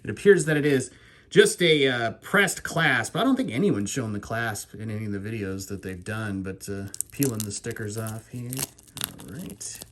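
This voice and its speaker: A man narrates his own watch unboxing while short of breath, his voice swinging widely in pitch as he rambles and teases himself. A faint hiss sits under the recording. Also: normal speed. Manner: excitable, rambling, self-mocking. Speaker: watch channel host. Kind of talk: casual unboxing vlog.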